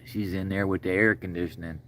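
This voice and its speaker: Middle-aged guy on a livestream, low voice, folksy rambling, all choked up talking to chat. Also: fairly even intonation, a little fast, fairly bright tone, slight background noise. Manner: rambling, folksy, calls viewers brother and sir; choked up, voice breaking. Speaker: livestream host.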